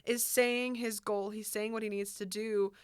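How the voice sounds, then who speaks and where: A woman co-hosting a podcast, chatting about a favorite film in an animated, rambling way with quick bursts. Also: mid-range voice, clean tone, dry recording, studio quality. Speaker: podcast co-host. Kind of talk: casual chat about a film.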